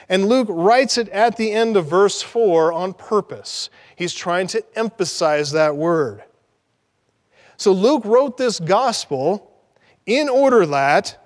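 A man's voice: high-pitched, big-room sound. A man preaching a sermon, emphatic, repeating key words to drive them home. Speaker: pastor.

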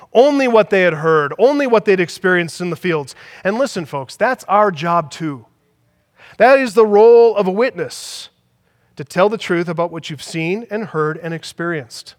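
A man preaching a sermon as pastor, emphatic, building his points through repetition. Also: high voice. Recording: long hall reverb.

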